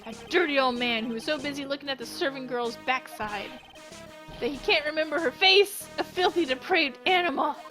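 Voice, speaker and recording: A shrill, furious old man ranting about what he saw, played by a woman reading a game aloud. He yells in short bursts and repeats himself. Steady game music plays behind. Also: brisk. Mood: ranting angry. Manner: shouting, ranting, stuttering.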